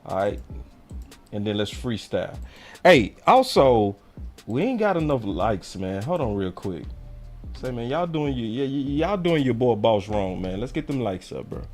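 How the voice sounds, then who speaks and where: A man hosts a live fan show in a middle-pitched voice, casual and full of slang. He keeps nudging his viewers to like the stream. Soft music plays faintly behind him. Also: big pitch swings, unhurried. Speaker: host of a fan call-in show.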